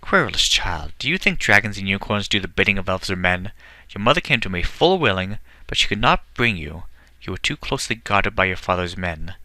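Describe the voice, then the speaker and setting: A man's voice: sits low, big pitch swings, a little fast, bright, forceful tone, no room sound, exaggerated voice. A man voicing a stern, imperious male elf archmage in a fantasy book reading. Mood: commanding.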